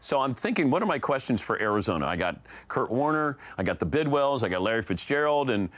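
A middle-aged man telling an animated story as a sportscaster guest on a casual talk show. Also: mid-range voice, quick pace, dry recording. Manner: animated storyteller acting out quotes.

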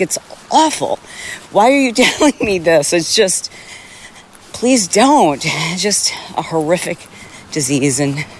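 A woman's voice: low voice, slight background noise. Middle-aged woman, podcast host, candid and emphatic, rambling monologue, outdoors, faint background ambience. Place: outdoors on a rainy ocean sidewalk.

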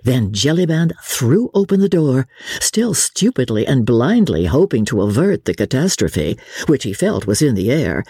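Expressive woman reading a classic novel. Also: very deep voice, moderate pace, breathy edge, no room sound, clean studio sound. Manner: lively, expressive storytelling. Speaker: audiobook narrator. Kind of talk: scripted narration.

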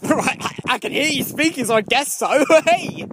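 A man's voice: very high voice, lively intonation, normal speed. A young man co-hosting a comedic podcast outdoors, arguing insistently and playfully with his co-host. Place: outdoors beside a forest, football crowd and trains nearby. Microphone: shared handheld mic. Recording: outdoor recording with noticeable background noise.

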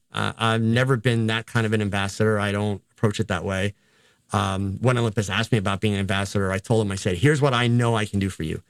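A man's voice: medium pitch, dry recording. An older man, a photographer and teacher, telling stories in a casual, rambling, self-deprecating way in an interview. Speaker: photographer and educator.

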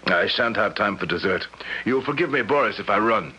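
An actor playing a polite, skeptical gentleman from Moscow who also narrates, in a 1970s radio drama. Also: fairly low pitch, lively intonation, husky, heavily acted. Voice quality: polite, measured, slightly formal. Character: sophisticated man from Moscow, curious and skeptical. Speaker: narrator and lead character. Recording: dull lo-fi old radio broadcast.

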